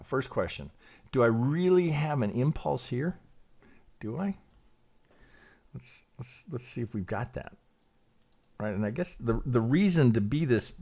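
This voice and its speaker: A man's voice: fairly low pitch, a little mellow. A man teaching trading who thinks aloud while charting, hesitant and self-questioning, often repeating words and tagging lines with "right?". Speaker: trading educator.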